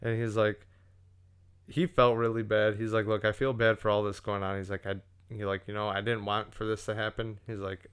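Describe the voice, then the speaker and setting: A man's voice: lowish voice, level tone, fairly quick, a bit bright, clean tone. A young man casually telling a profane story on a podcast, acting out what everyone said.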